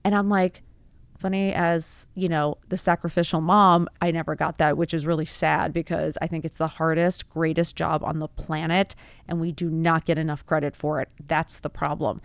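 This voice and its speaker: A woman's voice: deep voice, level tone, normal speed, clean tone, no echo. A woman in her forties hosting a motivational talk show, speaking earnestly in strings of rhetorical questions that rise into emphatic bursts. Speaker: podcast host. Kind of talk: motivational monologue.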